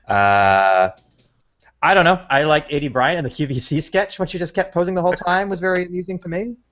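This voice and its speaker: A man's voice: a little high, brisk, fairly bright tone, dull audio. A man co-hosting a comedy podcast, talking in a dry, hesitant way with many ums. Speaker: podcast co-host. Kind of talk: casual comedy podcast chat.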